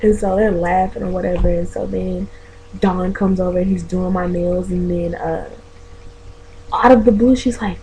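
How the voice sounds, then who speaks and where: A woman's voice: fairly low pitch, fairly even intonation, normal speed, dark tone, a little hiss or hum, poor audio. A woman vlogger telling a story to her viewers in a chatty, profane way, calling them y'all. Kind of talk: casual storytelling vlog.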